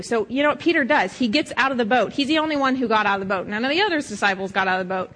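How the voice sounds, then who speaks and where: A woman's voice: a little high, fast talker, hardly any pauses, a bit bright, rough recording. A middle-aged woman pastor preaching a sermon in a conversational, storytelling way, acting out quoted voices.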